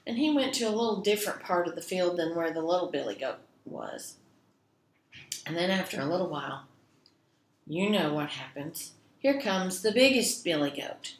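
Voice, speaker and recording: A woman librarian telling a children's story, gentle and expressive, speaking directly to the kids. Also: on the low side, normal speed. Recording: echoey room.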